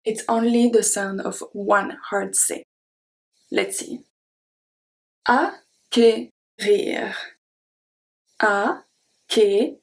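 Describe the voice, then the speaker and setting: A young woman with a French accent teaching French pronunciation, repeating each example word slowly and clearly. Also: medium pitch, flat delivery, low-quality recording. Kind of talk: pronunciation lesson.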